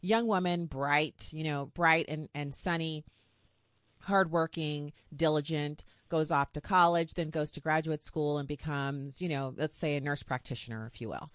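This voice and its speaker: A woman host asking long, animated, storytelling questions in an interview. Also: low voice, no echo, clean studio sound.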